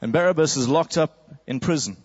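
Dramatic storytelling preacher, lo-fi. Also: male voice, fairly high pitch, fairly quick, husky. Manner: vivid storytelling, acting out crowd cries and whispers.

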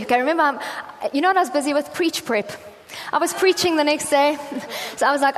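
A woman's voice: sits high, fairly quick, hardly any pauses, fairly bright tone, slight background noise. A woman preaching a conversational sermon in a church hall, with a chatty, self-deprecating storytelling manner and lots of fillers. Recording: long hall reverb, faint ambience.

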